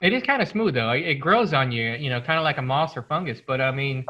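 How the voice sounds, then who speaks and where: A man's voice: mid-range voice, expressive, quick pace, lo-fi sound, slight background noise. A man hosting a podcast, chatting and joking loosely while tasting whiskey, with many fillers and restarts. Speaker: podcast host. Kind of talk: casual chat over whiskey tasting.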